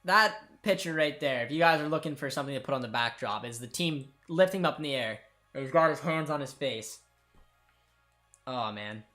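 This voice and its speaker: An excitable young man hosts a live football watchalong, reacting to the match as it happens. He speaks straight to his viewers. His voice sits at an ordinary pitch, with faint music playing behind him. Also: fairly quick. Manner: excited, emotional, calls out to viewers.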